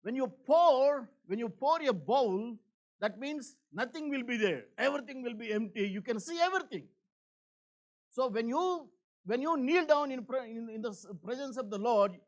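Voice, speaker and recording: Male pastor, high-pitched, earnest and repetitive sermon delivery with frequent fillers, emphatic to hushed. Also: animated, normal speed.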